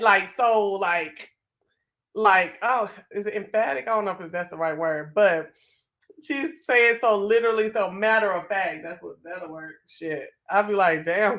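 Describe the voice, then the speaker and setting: A live-stream host chatting casually with viewers, animated and swearing freely, talking into a phone. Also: medium pitch.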